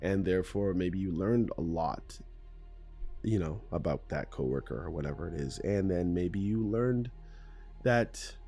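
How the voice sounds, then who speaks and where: A man hosts a solo podcast in his morning voice, rambling and conversational, now and then poking fun at himself. His voice sits on the low side with a dark, mellow tone. Faint music plays underneath. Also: expressive, unhurried, husky. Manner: rambling, conversational, self-deprecating. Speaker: podcast host.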